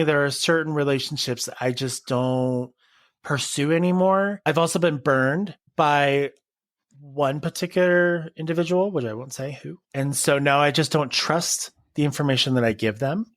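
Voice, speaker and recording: A man's voice: fairly high pitch, a bit bright, no echo, studio quality. Earnest man, guest on a podcast. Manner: reflective, earnest, measured. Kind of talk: candid conversational interview.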